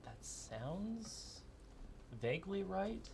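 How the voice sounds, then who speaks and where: A woman's voice: medium pitch, sing-song, very slow, gravelly, dark tone, slight background noise. A woman playing a tabletop role-play game, easygoing and joking in casual chat. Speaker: player.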